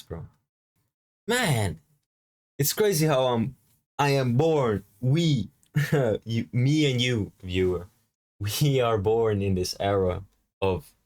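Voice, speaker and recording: Man, lowish voice, profane casual rant, laughs along, talks to viewer. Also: a little mellow. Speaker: commentator. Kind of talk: casual ranting commentary.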